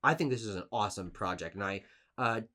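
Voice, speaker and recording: A man's voice: fairly low pitch, quick pace. A man co-hosting a casual gaming podcast, talking emphatically with frequent restarts. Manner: emphatic, animated list-giving with restarts. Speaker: podcast co-host.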